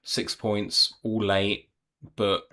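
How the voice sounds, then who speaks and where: A man's voice: lowish voice, little pitch movement, bright, forceful tone. Chatty British man calling plays. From United Kingdom. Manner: chatty, quick bursts, reads viewer comments aloud. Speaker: podcast co-host and play-by-play commentator. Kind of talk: live reaction commentary and reading chat.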